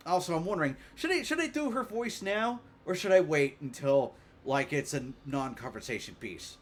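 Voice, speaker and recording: A man streaming a game live, chatting casually, joking, thinking out loud with lots of fillers, and reading game dialogue aloud. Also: on the high side, lively intonation, moderate pace, few pauses.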